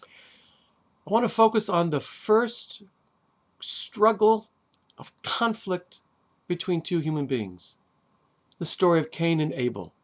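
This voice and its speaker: A rabbi delivers a short sermon, his voice sitting a little high for a man. He takes his time, leaning on key words and letting pauses hang, with touches of dry wit. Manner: deliberate, with long dramatic pauses and emphatic stresses. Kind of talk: sermon on the weekly Torah portion.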